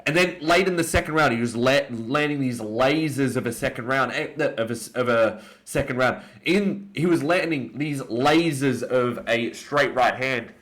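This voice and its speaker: A young Australian man giving an opinionated, excitable casual breakdown of fights, often jumping up in pitch for emphasis. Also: normal speed, few pauses. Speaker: MMA commentator.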